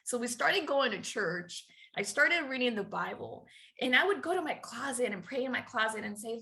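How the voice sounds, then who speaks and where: A woman's voice: fairly high pitch, lively intonation, normal speed, vocal fry, pushed and bright. A middle-aged woman from Nicaragua, a guest entrepreneur, telling her personal story in an interview, laughing often and acting out dialogue.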